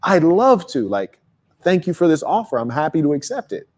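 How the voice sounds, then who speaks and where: A man's voice: fairly high pitch, sing-song, normal speed, a little mellow. A man voicing an eager upper-middle-class young woman, accepting an offer with gushing enthusiasm. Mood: effusive. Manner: effusive, enthusiastic.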